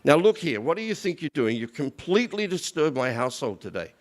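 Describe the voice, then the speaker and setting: A man voicing a wealthy, can-do merchant who is brisk and easily irritated. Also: mid-range voice, expressive, lightly acted. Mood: annoyed.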